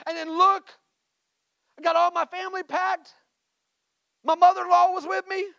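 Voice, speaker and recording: A male pastor, preaching a sermon with a personal story and energetic call-and-response exhortations. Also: extremely high pitch, moderate pace, gravelly, dry recording, muffled recording. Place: church.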